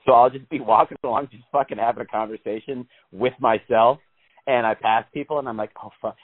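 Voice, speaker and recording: A man's voice: mid-range voice, fairly even intonation, fairly quick. A man chatting casually as a podcast co-host, rambling, swearing and laughing often. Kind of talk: casual chat. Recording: tinny phone-like line.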